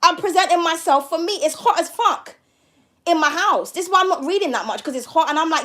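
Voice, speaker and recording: A woman tarot reader with a very high, slightly bright voice rants briskly and animatedly to live viewers from home. She's blunt and profane, firing off mocking rhetorical questions.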